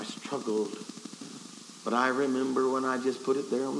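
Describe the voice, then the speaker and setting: A man's voice: mid-range voice, fairly even intonation, normal speed, vocal fry. A man preaching at a revival, telling a folksy, self-deprecating story with stammering restarts. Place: revival service hall. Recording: echoey hall with faint hiss.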